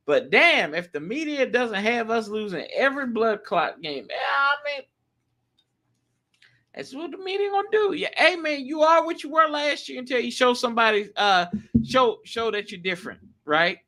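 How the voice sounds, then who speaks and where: A man hosting a live stream, chatting casually and reading viewer comments in a slangy, animated way. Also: normal speed. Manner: animated, slangy, jumps pitch often. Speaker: livestream host.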